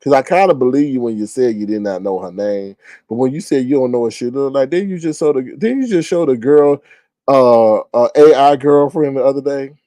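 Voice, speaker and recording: A man giving casual commentary in an animated, slangy way, repeating phrases for emphasis. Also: medium pitch, brisk, no echo.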